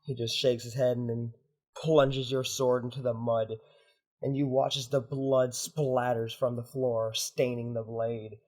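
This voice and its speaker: A man narrating as game master of a tabletop roleplaying game, in a measured way. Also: medium pitch, little pitch movement, darkish tone.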